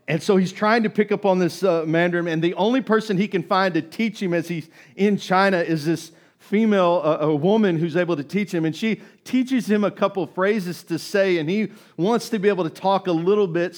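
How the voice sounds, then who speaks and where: A middle-aged male pastor delivers a sermon in a relaxed, conversational way. His voice sits a little higher than most men's, and he keeps checking in with the listeners. His loudness keeps rising and dropping. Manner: conversational, rising and falling in loudness, tag questions.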